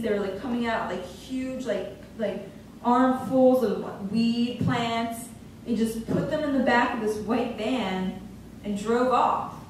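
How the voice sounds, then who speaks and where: A young woman with a high voice tells a funny story live on stage, unhurried and often breaking into laughter. She is heard from a distance in a very echoey hall. A faint hum sits beneath her voice. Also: darkish tone. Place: theater stage.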